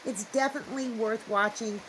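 A woman's voice: a little high, steady tone, brisk, noisy background. A woman chatting casually to the camera in a homestead vlog, rambling and thinking aloud as she goes. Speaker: homestead vlogger. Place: small home at night, later outdoors in the yard.

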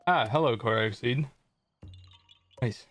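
A man's voice: mid-range voice, slow, a bit bright. A young man casually commenting on his gameplay as a streamer, chatting and joking with viewers. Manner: chatty, jokey, reads chat aloud.

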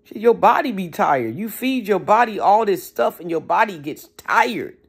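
Gravelly, preachy motivational talker. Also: medium pitch, lively intonation, normal speed. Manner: preachy, emphatic, casual slang. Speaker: motivational speaker. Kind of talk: motivational talk.

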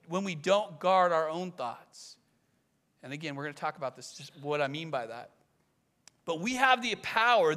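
A man delivering a sermon in a high, bright voice. He preaches with animation, dropping into playful impressions of the people he quotes. His tone is lifted and vivid throughout. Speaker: pastor.

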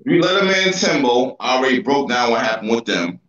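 A man's voice: mid-range voice, very animated, fast, fairly bright tone. A man as a talk show guest, teasing and insisting, repeating himself in a heated casual chat. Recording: roomy, distant, dull sound.

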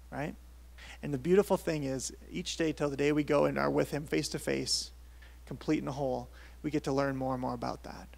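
A man's voice: on the high side, gravelly. A man in his thirties, a pastor with a tenor voice, preaching a sermon in a casual, conversational way at a church service.

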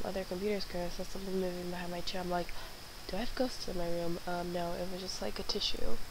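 A woman's voice: fairly low pitch, background noise. A young woman in casual let's-play commentary, chatty and rambling, often apologizing and exasperated, talking from her bedroom into a headset mic. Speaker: gaming channel host. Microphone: wireless headset.

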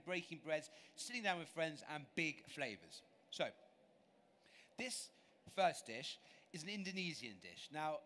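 A man's voice: on the high side, a bit bright, slight background noise. A man from England giving a live cooking demonstration on a show stage, chatty, enthusiastic and self-deprecating as he talks through his dishes. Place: large exhibition stage.

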